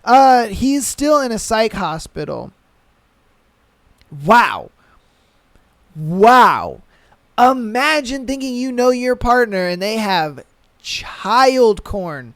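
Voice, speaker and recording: A male podcast host talks slowly and deliberately, reacting to read-out listener stories with blunt, profane disbelief. His voice sits at a middling pitch, recorded close on a podcast mic in a dry, dead room. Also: expressive, no echo.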